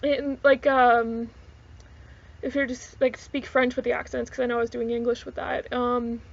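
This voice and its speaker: High-pitched canadian woman rambling on her vlog, bit muffled lo-fi sound. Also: flat delivery, normal speed, creaky. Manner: chatty, rambling, digressive. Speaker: vlogger. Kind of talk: casual chat to camera. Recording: dull lo-fi recording.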